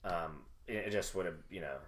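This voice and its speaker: A low-voiced podcast co-host chats about films in a loose, animated way. He fills his talk with "like" and "you know" and laughs easily. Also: a little fast. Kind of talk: casual film discussion.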